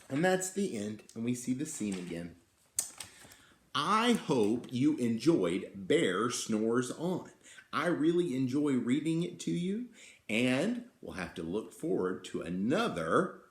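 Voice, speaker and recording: A man hosting storytime, reading a picture book aloud very slowly. His voice rises and falls expressively with a gravelly edge. The room around him is echoey. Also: medium pitch. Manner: gentle, expressive read-aloud. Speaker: storytime reader.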